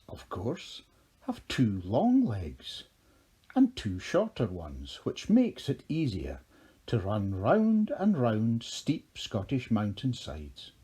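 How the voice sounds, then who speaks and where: A man narrating a children's storybook in a measured, expressive way. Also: mid-range voice, breathy edge.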